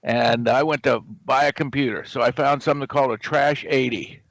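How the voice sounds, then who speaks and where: Older man, lively storyteller, dry close sound. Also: medium pitch, fairly quick, dry recording, rough recording. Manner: animated storyteller who acts out quoted dialogue. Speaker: guest, game company founder. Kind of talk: anecdotal storytelling.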